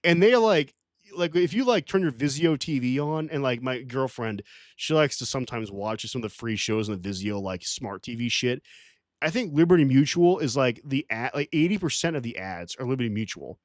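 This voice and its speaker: Male streamer, casual livestream rant; profane and rambling, animated voice, dry sound. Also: mid-range voice, a little fast, dry recording. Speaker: streamer reading live chat.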